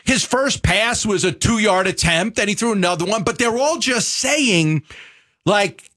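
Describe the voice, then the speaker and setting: A man's voice: sits high, expressive, a little slow, bright, forceful tone. A man with a New York accent co-hosting a sports radio show, talking in a rambling, restart-filled way. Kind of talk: casual sports talk. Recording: radio studio mic.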